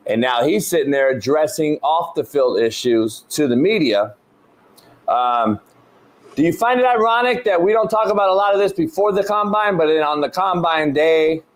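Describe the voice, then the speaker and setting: A man hosting a sports talk show, ranting loudly and swearing freely as he tells stories. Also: mid-range voice. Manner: loud, swearing, ranting storyteller. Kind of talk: profane sports talk rant.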